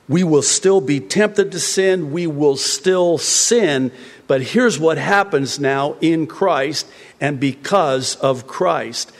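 A man preaching a sermon, emphatic and growing heated as he drives his point home. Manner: emphatic, grows heated and rises in pitch. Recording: long reverb of a large hall.

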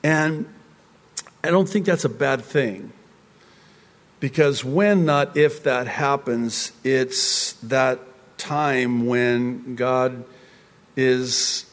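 A man preaching in an unhurried, drawn-out way, his words wandering with restarts and sudden excited rises. His voice sits at an ordinary middle pitch. It rings with the long reverb of a large hall. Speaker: pastor. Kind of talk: conversational sermon.

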